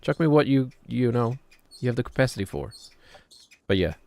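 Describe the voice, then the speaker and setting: A man's voice: mid-range voice, brisk, vocal fry, dark tone. A man in his thirties with a New Zealand accent, streaming and rambling casually in a joking, self-deprecating way. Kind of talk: casual chat while gaming.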